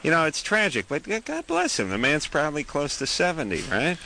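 A man's voice: on the high side, wildly swooping pitch, brisk, vocal fry, heavy background noise. A man hosting a call-in radio show, blunt and wisecracking with callers.

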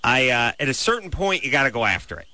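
A man in casual banter as a show host, joking and animated, with his pitch jumping up when he gets excited. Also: quick pace.

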